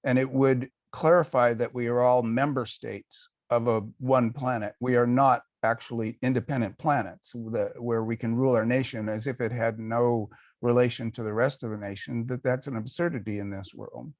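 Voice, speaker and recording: A man's voice: mid-range voice, steady tone, darkish tone, no room sound, dull audio. Thoughtful older man, dry sound. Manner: thoughtful, measured, with pauses and fillers. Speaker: guest author. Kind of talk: conversational answers in a panel talk.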